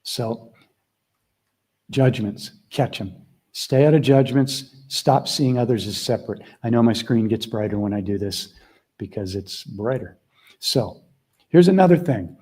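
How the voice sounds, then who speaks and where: Earnest mellow-voiced man on a video call. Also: mid-range voice, animated, unhurried, slightly rough. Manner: earnest, conversational, drifts between quiet asides and emphatic points. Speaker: mentor on a group call. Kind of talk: casual teaching talk.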